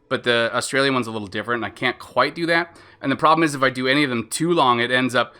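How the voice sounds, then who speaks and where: Male game streamer, bright tone, loose self-mocking chatter with casual swearing. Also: mid-range voice, quick pace, few pauses, smooth. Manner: rambling, chatty, laughs at himself. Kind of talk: casual live-stream commentary.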